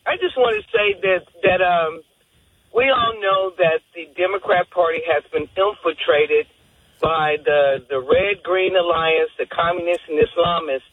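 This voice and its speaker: A woman's voice: lowish voice, husky, no room sound. A woman from Virginia calling in to a radio show, earnest and rambling, searching for words. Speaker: caller. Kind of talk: call-in radio commentary. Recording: tinny phone line.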